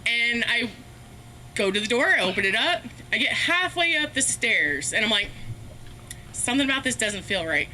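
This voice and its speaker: A woman's voice: fairly high pitch, big pitch swings, moderate pace, pushed and bright. A woman telling a rambling, profane, self-mocking story as a stand-up comedian, laughing often. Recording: faint background noise, live stream.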